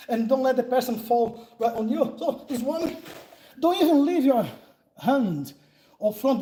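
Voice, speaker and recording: A man's voice: very high-pitched, warm tone, low-quality recording. A man in his forties from Brazil with a Brazilian Portuguese accent, speaking English as a second language, chatting loosely about self-defense and laughing often. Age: 40s. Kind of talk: casual live Q&A and instruction.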